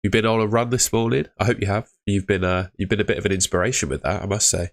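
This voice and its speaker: A man's voice: lowish voice, steady tone, quick pace. A man hosting a casual live stream, chatting upbeat with viewers and greeting them by name. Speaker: livestream host.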